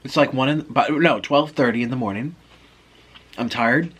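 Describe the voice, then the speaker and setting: A man's voice: mid-range voice, moderate pace, a bit bright, breathy edge. A man telling a personal story in a vlog, acting out the other people's lines as he goes. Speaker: vlogger.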